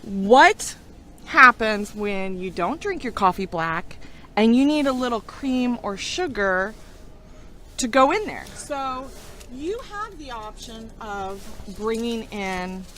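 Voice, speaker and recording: A chatty woman with a fairly high voice talks through a casual product review. She is frank and laughs often. A faint hiss of noise sits behind her. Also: sing-song, slow, pushed and bright. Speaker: co-host.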